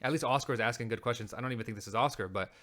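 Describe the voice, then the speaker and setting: A show host with a mid-range, somewhat bright voice offers casual commentary on clips, and it comes out as a quick, angry rant packed with swearing.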